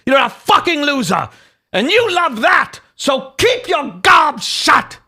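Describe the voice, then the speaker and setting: A man's voice: very high voice, very animated, takes it slowly, pitched above the performer's own voice, heavily acted. A man reading a hot-headed British man's posts in a put-on British accent, furious and insulting. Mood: furious shouting. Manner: indignant, shouting insults.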